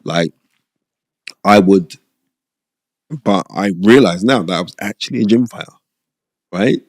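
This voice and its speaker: Recounting his past in boxing, a middle-aged man who hosts a podcast gets animated and emphatic, circling back to the same phrases and frequently tossing in "you know what I mean." His voice sits low at a measured pace, recorded with no room sound.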